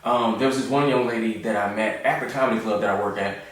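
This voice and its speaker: A man in his thirties, a comedian telling stories in a relaxed, joking way and acting out the voices of the people in them. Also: lowish voice, fast talker, very echoey, distant mic. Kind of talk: casual storytelling monologue.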